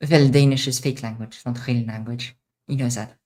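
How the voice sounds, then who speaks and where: A woman streamer voicing a menacing female villain who threatens slowly and teasingly. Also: very deep voice, fairly even intonation, warm tone. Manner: slow, taunting, intimidating.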